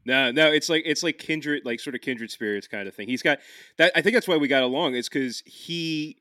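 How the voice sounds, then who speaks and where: A man from the Philadelphia area telling stories on a podcast, animated, laughing often and restarting his sentences. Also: on the high side, fairly quick, no room sound, clean studio sound. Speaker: podcast host. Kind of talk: casual podcast chat.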